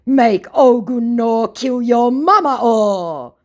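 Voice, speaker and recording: A jeering male scammer, as a woman puts him on, cackling in bursts of mocking laughter. The voice rides high and loud, swinging wildly up and down. He sneers rather than speaks. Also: expressive, very slow. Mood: scornful.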